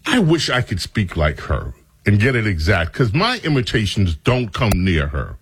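Male talk radio host, husky and mocking, lively pitch. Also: dry recording. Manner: mocking, animated, drawn-out words. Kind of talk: opinionated radio monologue.

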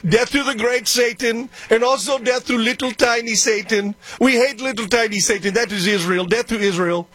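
A man's voice: very high voice, moderate pace, sharp tone, pitched above the performer's own voice, exaggerated voice. A man voicing a mocking caricature of a threatening male foreign leader, ranting in an exaggerated put-on accent. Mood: menacing mock.

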